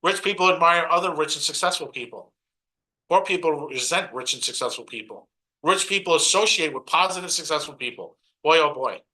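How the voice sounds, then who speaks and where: A middle-aged man works a crowd from the stage, preaching in short punchy lines and slipping into mock voices to poke fun at excuses. His voice sits fairly high and has a forceful, bright edge. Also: a little fast, low-quality recording. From Brooklyn, New York. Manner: preachy, punchy, mocks others in put-on asides. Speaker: motivational speaker. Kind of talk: motivational stage talk.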